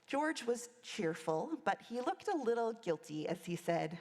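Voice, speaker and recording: A woman's voice: a little high, sing-song, a little slow, few pauses, a little mellow. A woman minister giving a reflective sermon, telling a story from her chaplaincy work. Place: church sanctuary. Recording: long church reverb.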